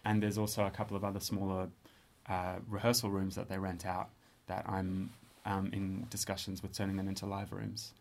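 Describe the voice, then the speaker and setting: Thoughtful Australian man, lowish voice. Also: monotone, normal speed, few pauses. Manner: thoughtful, hesitant, with frequent restarts. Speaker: composer and musician. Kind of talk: relaxed interview chat. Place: studio space.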